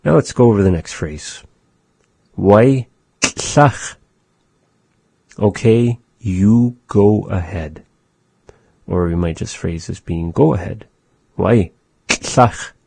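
Slow, deep-voiced man teaching a language. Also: creaky, warm tone, husky, no echo. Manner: thoughtful, halting, searching for words. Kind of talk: slow spoken language lesson.

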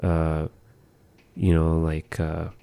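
A man's voice: rumbling low, monotone, very slow, vocal fry, dark tone, clear, resonant tone. A man casually teaching phrases of his language to a partner, patiently repeating each word.

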